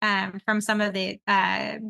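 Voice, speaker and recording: Chatty woman podcast host, bright, dry sound. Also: mid-range voice, unhurried, vocal fry, dry recording. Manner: rambling and animated, with frequent laughter. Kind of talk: casual conversational podcast chat.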